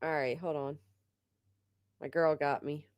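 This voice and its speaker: A woman's voice: low voice, steady tone, measured pace, smooth, dry recording, clean studio sound. A woman hosting a casual livestream, chatting and gossiping while reading viewer comments aloud, and laughing often. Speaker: livestream host.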